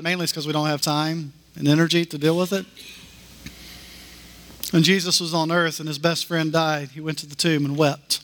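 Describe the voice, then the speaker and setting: A man preaching a sermon as pastor, with slow, emphatic repeated declarations that climb in pitch. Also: steady tone, fairly bright tone.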